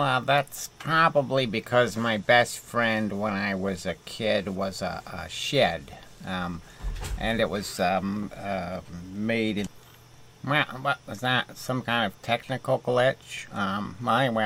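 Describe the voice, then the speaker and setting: A calm, deadpan science host, as a man puts him on in a comic mock interview. The voice sits low and the talk crawls along, halting on fillers and restarts. The tone stays unbothered and matter-of-fact throughout. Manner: slow, rambling, halting with fillers.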